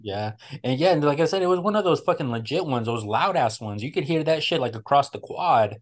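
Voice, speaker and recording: Casual male podcast host, mid-range voice, lively profane storyteller who plays out other people's lines. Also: mid-range voice, fairly quick. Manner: animated storyteller, heavy swearing, acts out friends' lines. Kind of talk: casual chat.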